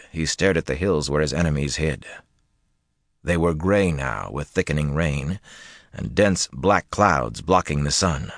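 A man narrating a fantasy audiobook in a measured, intense storytelling manner. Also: a bass voice, no room sound, studio quality.

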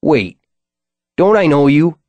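A man voicing a gruff, suspicious middle-aged mall security guard. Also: on the high side, very animated, slow, a little mellow, no echo, voice pushed up. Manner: suspicious, threatening.

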